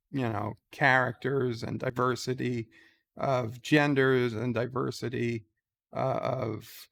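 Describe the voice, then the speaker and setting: A man giving slow, halting casual commentary, reading out posts and answering them with many ums and uhs. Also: medium pitch, creaky. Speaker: YouTuber reading and answering tweets.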